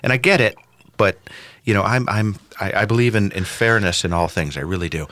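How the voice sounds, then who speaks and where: A man telling a long story in casual chat, animated and swinging between loud and soft. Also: lowish voice, a little fast, no echo.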